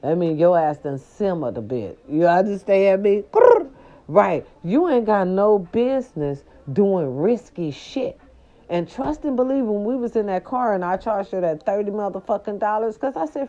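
A woman's voice: medium pitch, normal speed. Profane older woman telling a wild story. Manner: animated, profane, addresses viewers as y'all. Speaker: storyteller vlogger. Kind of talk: casual storytelling to viewers. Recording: dull lo-fi recording.

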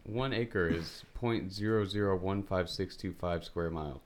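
A man's voice: deep voice, a little slow, a little hiss or hum. A laid-back man on a casual podcast who chimes in with short replies and looks things up. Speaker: podcast co-host.

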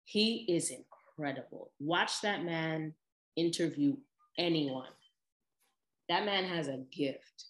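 A woman talking casually about the interviewers who inspire her, animated and full of asides. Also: sits low, slow pace. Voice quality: animated, lively with laughs and imitated voices. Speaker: podcast host. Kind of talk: casual chat. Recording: echoey room.

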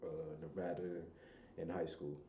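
A man's voice: deep voice, little pitch movement, normal speed, reverberant, muffled recording, slight background noise. A young man from Chicago, a recording artist talking casually as a podcast guest, loose and laid-back, swearing freely. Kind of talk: casual conversation.

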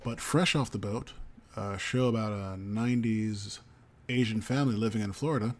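A man's voice: fairly low pitch, moderate pace. A man co-hosting a podcast, reading entertainment news aloud with frequent ums and casual asides. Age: adult parent of a young child. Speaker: podcast co-host.

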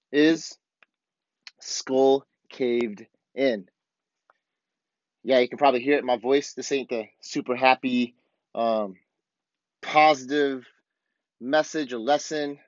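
A man's voice: medium pitch, no room sound, muffled recording. A man hosting his own podcast, ranting bluntly and heatedly in a casual monologue full of swearing. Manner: blunt, profane, fired-up ranting. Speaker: podcast host.

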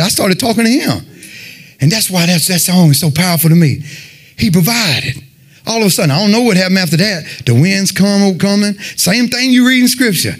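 A man giving a fervent sermon and personal testimony, telling his story in an animated way and peppering it with "man.". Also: high voice, brisk, husky. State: sweating, winded after worship. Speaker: lay preacher giving testimony.

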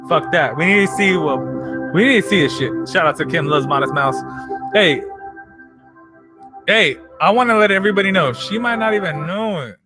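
A man's voice: a little high, animated, normal speed, pauses often, music in the background. Profane, rambling male streamer. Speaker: livestream host. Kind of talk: casual livestream chat.

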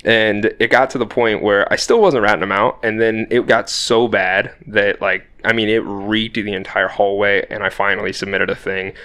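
A young man co-hosting a podcast, telling a story in casual chat, animated and swearing freely. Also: on the low side, moderate pace, few pauses. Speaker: podcast co-host.

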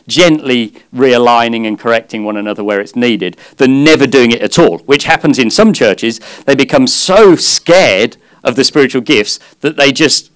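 Man, preacher at a church service, mid pitch, earnest and chatty sermon with light humor. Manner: earnest, conversational, with gentle humor.

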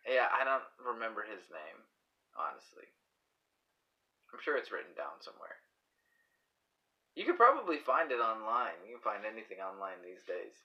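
A man co-hosting a podcast, chatting casually over beers, rambling and halting, often laughing. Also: lowish voice, very animated, bright, forceful tone, dull audio. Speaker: podcast co-host.

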